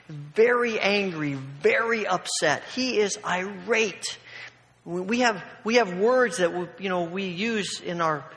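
Casting: man preaching a sermon, high voice, chatty and funny, echoing in a large hall. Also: a bit bright. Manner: conversational, with humorous asides.

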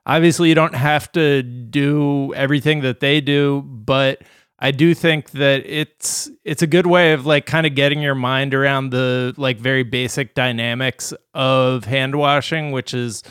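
Smooth-voiced male podcast co-host. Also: medium pitch, steady tone, unhurried, a bit bright, no echo, studio quality. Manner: loose, filler-heavy explaining. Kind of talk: casual podcast chat.

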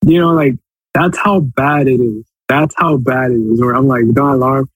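Man, podcast co-host, casual rambling chat, husky voice, average pitch. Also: no room sound, poor audio. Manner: rambling, loose, quick to laugh.

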